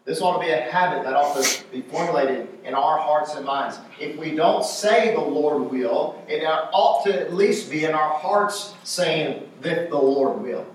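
A man's voice: fairly high pitch, heavy reverb, far from the mic, slight background noise, low-quality recording. A man preaching a sermon with emphasis, repeating his key phrases.

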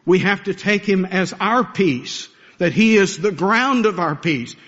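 A man's voice: high voice, lively intonation, unhurried, a bit bright. Earnest preaching man, dull recording. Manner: earnest preaching, rising to impassioned pleas. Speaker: pastor. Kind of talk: sermon.

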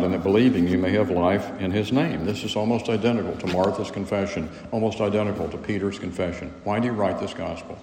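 A man's voice: deep voice, moderate pace. A man preaching a sermon, earnest and emphatic, often repeating words as he presses a point. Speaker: pastor. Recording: echoey hall with faint room noise.

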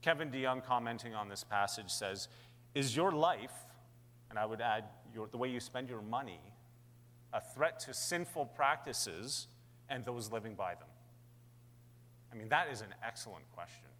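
A man preaching a sermon as pastor, conversational, asking questions and building to animated peaks. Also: mid-range voice, normal speed, in a large hall.

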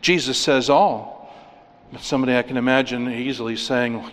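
A pastor preaching a sermon, emphatic, asking rhetorical questions and repeating words for stress. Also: male voice, medium pitch, moderate pace. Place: church sanctuary. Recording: long reverb of a church hall.

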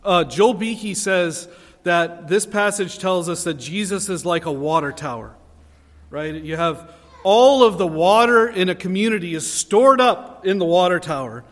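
High-voiced man preaching in a reverberant hall. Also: measured pace, a bit bright. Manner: earnest preaching, rising in emphasis on key phrases. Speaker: pastor. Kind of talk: sermon. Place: church sanctuary.

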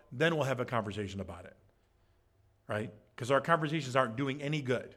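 A man's voice: animated, brisk, fairly bright tone. A man preaching a Bible-study sermon, conversational, with frequent "right?" asides and acted-out quotes. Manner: acts out quoted speech with shifts in pitch. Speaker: pastor.

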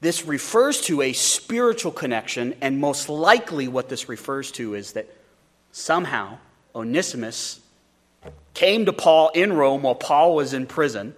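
A man's voice: mid-range voice, animated, moderate pace. A male pastor preaching a sermon in an earnest way, often repeating words as he starts a phrase.

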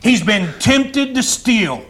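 High-voiced fiery male pastor preaching. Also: sing-song, takes it slowly, fairly bright tone. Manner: fiery, conversational preaching with asides and laughs. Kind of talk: sermon. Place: church sanctuary.

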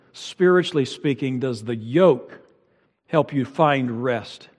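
A pastor preaching a sermon who swells loud and high on his emphases, then drops low and quiet. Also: lively intonation, slow. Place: church sanctuary. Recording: long reverb of a large hall.

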